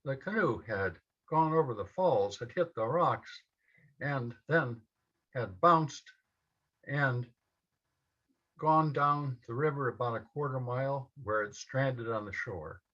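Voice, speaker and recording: Male storyteller, unhurried and measured, husky edge, taped on muffled lo-fi gear. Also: medium pitch, a bit bright. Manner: slow, measured telling in short phrases. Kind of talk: personal story told to a live audience. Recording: dull lo-fi event recording.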